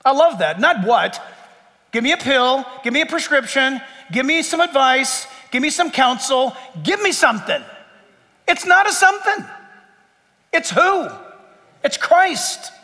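A male pastor delivers a sermon in a large church hall, his voice unusually high and sharply bright. He swings between emphatic near-shouts and low, hushed asides. A long reverb trails behind every phrase. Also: expressive, measured pace.

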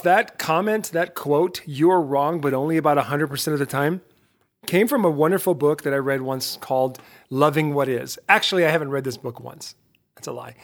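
A middle-aged man hosting his own podcast, giving a lively motivational talk straight to his listeners, full of rhetorical questions and self-interruptions. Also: on the high side. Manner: self-interrupting, laughs at himself. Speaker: podcast host.

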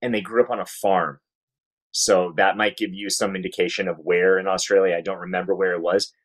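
A man hosting a podcast who talks in a measured, reflective way and steers the conversation. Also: low voice, level tone, poor audio. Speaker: podcast host. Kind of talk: casual chat.

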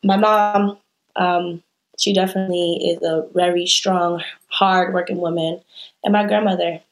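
A woman's voice: on the low side, level tone, measured pace. Earnest woman sharing her story. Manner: earnest, heartfelt, with many fillers. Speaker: interview guest. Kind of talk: candid conversational interview.

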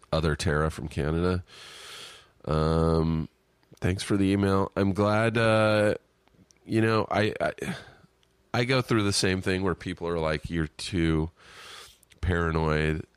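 Male podcast host, extremely deep voice, dry close sound, casual rambling read. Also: smooth, dry recording. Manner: loose, rambling, with filler words and restarts. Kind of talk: reading a listener email and chatting.

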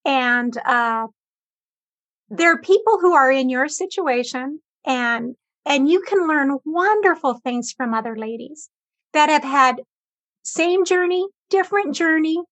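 Lady with a high voice telling her story all earnest, acting out the back and forth, dry close mic. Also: measured pace, no room sound. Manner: earnest, animated retelling with quoted dialogue. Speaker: guest sharing cancer experience. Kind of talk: conversational storytelling.

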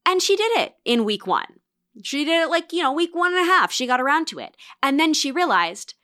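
A woman's voice: high voice, big pitch swings, a little fast, pushed and bright. A woman hosting a reflective solo podcast, coaching listeners in an encouraging tone and reading student quotes aloud. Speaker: podcast host and course mentor.

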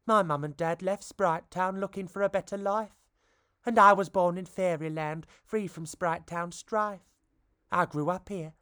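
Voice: medium pitch, a little slow, a bit bright, smooth, no room sound, studio quality, close to an everyday voice. A storybook reader voicing an elderly, down-on-his-luck male sprite with a weary, aggrieved manner.

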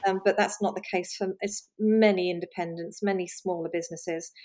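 A woman, a magazine editor, talking in a relaxed interview, laughing often and restarting her sentences. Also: on the low side, fairly quick. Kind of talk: conversational interview.

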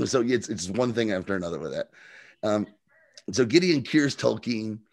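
A man co-hosting a casual podcast, retelling scenes in an animated way with laughs and quick impressions. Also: on the low side. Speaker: podcast co-host. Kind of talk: casual recap chat.

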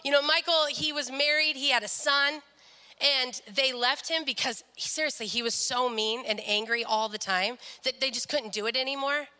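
A woman's voice: high-pitched, normal speed, sharp tone, smooth, in a large hall. A young woman sharing a personal faith story in an earnest devotional talk, often quoting people in their own voices. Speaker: speaker sharing a testimony.

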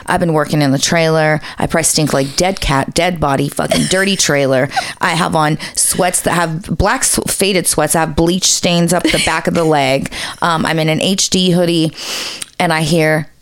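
A woman's voice: deep voice, fairly even intonation, normal speed, no room sound. A woman co-hosting a podcast, telling a story in a casual, profane way with lots of fillers. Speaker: podcast co-host.

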